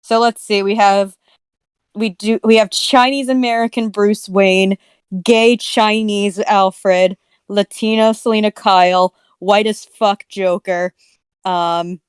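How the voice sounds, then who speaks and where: A woman's voice: mid-range voice, steady tone, slow, clean tone, no echo. A woman co-hosting a podcast, dry and matter-of-fact, reading aloud between chat.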